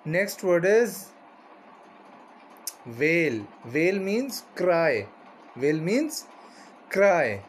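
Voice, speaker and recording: A man's voice: sits high, very animated, very slow, pauses often, slight background noise. A man teaching a vocabulary lesson, repeating each word and its meaning and often asking "right?".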